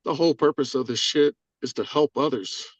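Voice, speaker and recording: A man speaking on a live call, rambling and swearing often, apologizing, choked up and crying with a husky voice. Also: mid-range voice, a little fast, dry recording. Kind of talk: emotional live-stream call. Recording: dull lo-fi audio.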